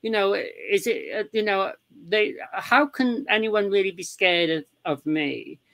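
A woman guest in an interview, talking in a rambling, halting way with many fillers. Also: mid-range voice, lively intonation, creaky, a bit bright, dry recording. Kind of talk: casual chat.

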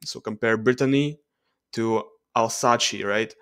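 A man's voice: lowish voice, steady tone, slow pace, fairly bright tone, clean tone, dry recording. A man with a Russian accent, explaining charts in a hesitant voice-over with frequent fillers and self-corrections. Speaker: genetics video creator.

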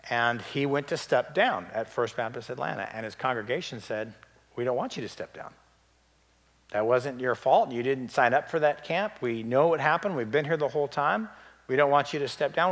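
Male pastor, casual animated Bible-study teacher, mid-pitched voice, long church reverb. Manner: conversational, animated teaching with asides and questions to the group. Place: church hall.

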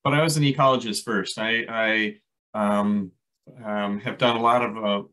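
A man with a Minnesota accent gives a relaxed lecture on gardening. He talks in a chatty, halting way, filling pauses with ums and restarting his sentences. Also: fairly low pitch, rough recording. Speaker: landscape ecologist teaching a class. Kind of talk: casual lecture on native plants.

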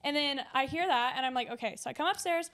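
A woman's voice: high-pitched, fast, a bit bright. A woman co-hosting a casual podcast, telling a story animatedly and acting out what others said, shifting in her seat because of a sore back. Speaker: podcast co-host. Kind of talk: casual chat.

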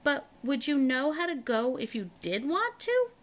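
An eager, brave little boy from a storybook, chirpy and keen, as a woman reads him aloud. He speaks a little higher and brighter than the storyteller. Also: very animated, measured pace. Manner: bright and eager, lifted pitch.

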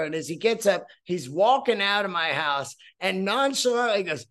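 A middle-aged man hosting his own podcast, telling a story in a casual, excitable, profane way with many restarts. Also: high voice, normal speed, hardly any pauses. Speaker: podcast host. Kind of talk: casual solo podcast monologue.

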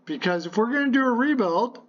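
His voice is extremely high, expressive, and fairly quick, though the recording is muffled. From his apartment, this man runs a playful, jokey hockey rumour show, rambling along with lots of fillers.

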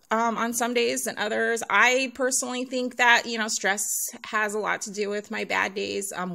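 A middle-aged YouTube nail artist talks casually to camera for her viewers, her voice sitting high, pushed and bright. She rambles, sighs often, laughs between points, and sounds audibly out of breath as she speaks.

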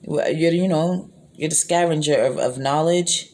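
A woman's voice: low-pitched, moderate pace, darkish tone. A woman giving a casual tarot reading into her phone, rambling and repeating herself with lots of fillers, blunt and sometimes profane. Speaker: tarot reader.

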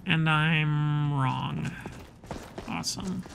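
A man playing a video game and commenting casually, excitable and swearing, taunting the enemies he fights. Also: a little high, extremely slow, gravelly, slight background noise. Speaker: let's play host.

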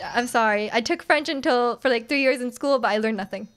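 A young woman live-streaming a video game, giggling, reacting excitedly and teasing her chat as she plays. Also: on the high side, a little fast, few pauses. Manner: reads chat aloud and teases viewers. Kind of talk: casual live game stream, chatting with viewers. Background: faint game music.

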